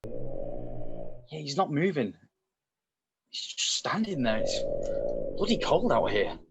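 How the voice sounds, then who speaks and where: A man in his sixties with a British accent playing a skeptical neighbour who is checking on a strange man next door, speaking in a husky voice. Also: medium pitch, wildly swooping pitch, slow pace, very noisy, full character voice. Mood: uneasy. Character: skeptical male neighbour growing frightened.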